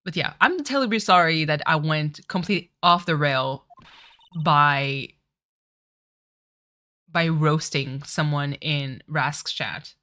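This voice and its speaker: Speaking slowly with long pauses, this low-voiced French woman streamer has a bright, forceful tone. She gives casual let's-play commentary, giggling, apologizing, and frequently correcting herself.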